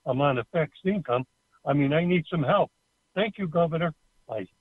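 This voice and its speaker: A man in his seventies, a caller leaving a halting, plain complaint over the phone. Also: fairly high pitch, animated, slightly rough, no room sound. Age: 70s. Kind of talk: phoned-in recorded rant. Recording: tinny phone line.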